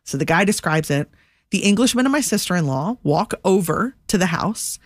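Animated woman telling a story, dry sound. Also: on the low side, normal speed, no echo. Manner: animated, lots of "like", acts out quotes. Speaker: podcast co-host. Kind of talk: casual storytelling chat.

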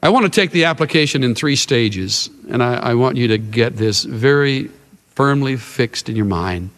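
Dramatic preacher in an echoing hall. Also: male voice, medium pitch, lively intonation, moderate pace. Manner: dramatic and emphatic, with big swings in loudness and pace. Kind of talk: sermon. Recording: long reverb of a large hall.

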